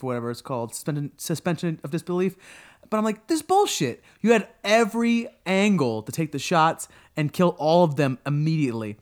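A man reviewing a TV show on a podcast, exasperated and profane, breaking into high incredulous outbursts. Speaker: podcast co-host. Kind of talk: casual episode review rant.

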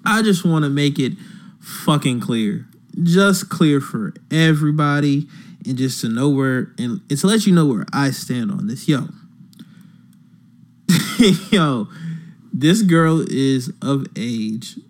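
A man's voice: mid-range voice, animated. A man hosting a podcast and commenting on a played clip in casual, profane speech. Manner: slow, deliberate, profane commentary. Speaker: podcast host.

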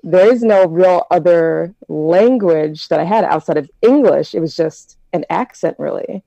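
American woman, mellow low voice, dry close sound, chatty storyteller in a group talk. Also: unhurried, creaky, dry recording, muffled recording. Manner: chatty, reflective storytelling with many fillers. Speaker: discussion participant. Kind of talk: casual group discussion.

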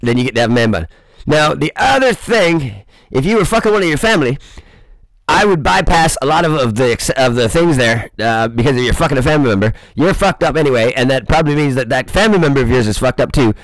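Fast, gravelly, foul-mouthed man ranting. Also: medium pitch, expressive, no echo, low-quality recording. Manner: rambling, swearing constantly, boisterous. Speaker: host of a crude comedy show. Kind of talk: profane comedic monologue.

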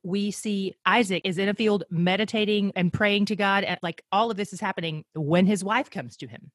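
A woman from the United States talking casually as an interview guest, animated and fond of acting out voices. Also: medium pitch, moderate pace, no room sound, clean studio sound. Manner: animated, acts out voices when telling a story.

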